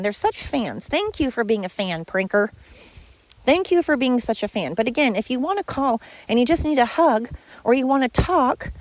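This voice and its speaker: A woman's voice: sing-song, moderate pace, no room sound. A middle-aged woman hosting her own podcast, venting sarcastically about former coworkers. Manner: venting, sarcastic, mimics others in high voices. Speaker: podcast host. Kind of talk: solo podcast rant.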